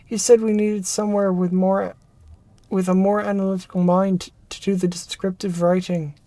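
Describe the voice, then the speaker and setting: A performer reading a narrative game aloud, voicing an excitable former research assistant who rambles and restarts mid-thought. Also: medium pitch, moderate pace, close to an everyday voice. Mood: chatty. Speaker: game character voice.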